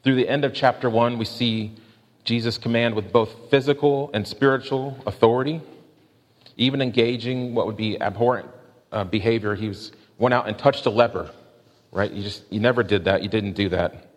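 A man preaching a sermon in a measured way, slowing down to stress questions and quotes. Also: mid-range voice. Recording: long hall reverb.

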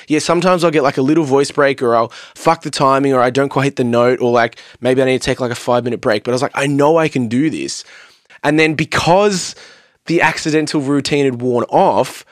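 A man's voice: medium pitch, brisk, dry recording, clean studio sound. A young man, a podcast guest telling rambling, sweary stories about his singing career. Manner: rambling, sweary, animated storytelling. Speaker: podcast guest, vocalist and producer. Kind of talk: casual podcast chat. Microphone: studio mic on a stand.

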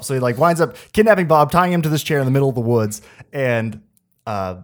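A man's voice: mid-range voice, brisk. Rambling man recapping a comedy. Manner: rambling, animated retelling with filler words; laughs often while retelling. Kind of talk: casual movie recap chat.

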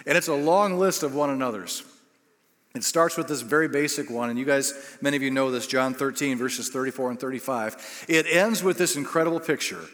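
A man preaching from the pulpit, telling his story in an easy, mid-pitched voice that swells into emphatic bursts. His words ring out with the long reverb of a church hall. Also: brisk, a bit bright. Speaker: pastor. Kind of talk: sermon. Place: church sanctuary.

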